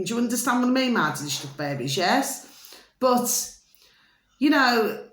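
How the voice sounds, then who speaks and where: A woman's voice: a little high, sing-song, moderate pace, long pauses, fairly bright tone. Woman rambling to viewers in an echoey room. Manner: keeps calling viewers "my delicious little babies", asks "do you see?"; meandering with many fillers and restarts. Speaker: vlogger. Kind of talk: casual rambling monologue to viewers.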